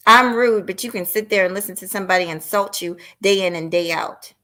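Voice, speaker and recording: Blunt, profane woman ranting with a bright voice. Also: mid-range voice, a little fast. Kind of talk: heated live-stream rant.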